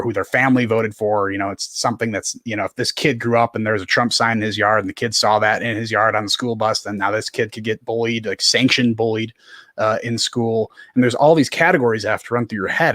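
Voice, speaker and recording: A man's voice: lowish voice, fast, fairly bright tone, dry recording, clean studio sound. A man hosting a podcast in casual conversation, talking earnestly with many fillers. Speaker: podcast host.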